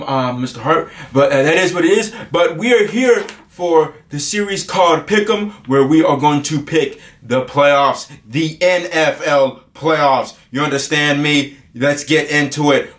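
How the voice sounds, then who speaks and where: A man hosting a comedic sports prediction show who swings into exaggerated, shouted mock outrage. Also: fairly high pitch. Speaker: host. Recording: echoey room.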